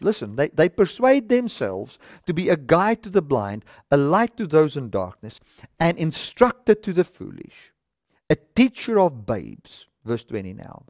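Lively, animated male preacher. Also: a little high, moderate pace, no echo, clean studio sound. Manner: reads scripture aloud, then reasons through it with rhetorical questions. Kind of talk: sermon. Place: studio with a stage.

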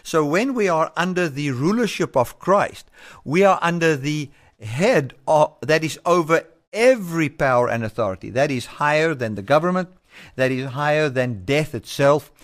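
A male pastor delivering a sermon in a measured, emphatic way, repeating key phrases. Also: on the high side, expressive. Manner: measured, emphatic preaching with repetitions.

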